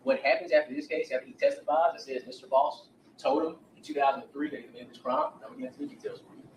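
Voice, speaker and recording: A man's voice: fairly high pitch, very animated, rapid-fire, slight background noise. A man giving an opening statement to a jury as a defense attorney, speaking emphatically and turning to the jurors as he retells witness accounts. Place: courtroom. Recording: roomy courtroom audio from a distance.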